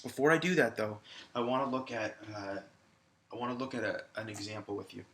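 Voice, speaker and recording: A male high school English teacher giving a recorded video lesson, talking to viewers in a conversational way with frequent fillers. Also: a little fast, a bit bright, a little hiss or hum.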